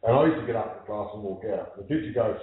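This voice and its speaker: A man's voice: lowish voice, expressive, quick pace. A man on a panel discussion, talking in a reflective way and repeating words as he starts. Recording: tinny, echoey phone line with faint hiss.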